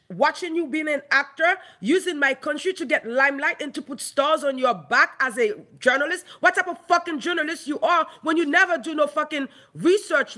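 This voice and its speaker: A woman's voice: sits high, sharp tone. A Haitian woman ranting angrily into her own online video, heated, mocking and full of profanity. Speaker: online commentator. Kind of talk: angry ranting vlog.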